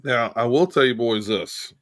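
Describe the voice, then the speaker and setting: A man's voice: mid-range voice, normal speed, a bit bright, no echo, clean studio sound. A man co-hosting a podcast, talking earnestly and emphatically, repeating words for stress. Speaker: podcast co-host. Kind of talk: casual conversational chat.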